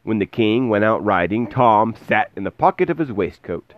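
A man reading a fairy tale aloud in a lively way, pausing to explain words. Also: lowish voice, lo-fi sound. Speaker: storyteller.

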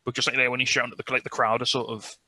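Man, quick talker, very bright sharp tone, casual co-host, filler-heavy. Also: medium pitch, flat delivery, dry recording. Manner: rapid, lots of filler likes and tag questions. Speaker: wrestling podcast co-host. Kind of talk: casual chat.

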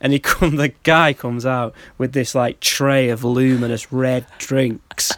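A man's voice: medium pitch, steady tone, unhurried, fairly bright tone, no echo. Chatty man, dry close sound. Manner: chatty, laughs often. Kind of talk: casual chat, anecdote telling.

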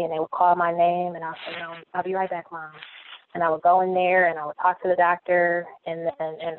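A woman around forty, a guest telling her personal story in an earnest, reflective way, often repeating phrases as she thinks aloud. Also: lowish voice. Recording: tinny phone-like line, dry.

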